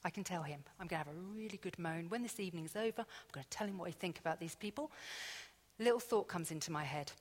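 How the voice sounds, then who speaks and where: A woman's voice: lowish voice, fast talker, a little hiss or hum. Chatty woman preaching in echoey hall. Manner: chatty, confiding, acts out inner dialogue. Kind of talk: conversational sermon with personal stories.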